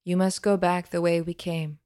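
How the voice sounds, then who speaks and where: A woman voicing a tired rebel mother and leader who speaks gravely and gives firm orders. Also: on the low side, level tone, normal speed, mellow, close to an everyday voice. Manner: grave, commanding.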